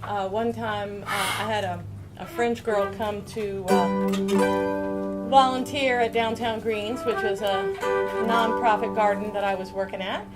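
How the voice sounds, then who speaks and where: A woman's voice: medium pitch, steady tone, a little slow, loud music behind the voice. A woman hosting a casual live stage show, rambling folksily with plenty of fillers. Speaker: show host and singer-songwriter.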